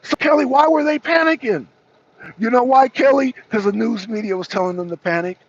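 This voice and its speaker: Husky-voiced man, animated live-stream talk. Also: very high-pitched, a little fast, lo-fi sound. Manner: animated, talks to chat by name, swears. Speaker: political talk show host. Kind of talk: casual live-stream commentary.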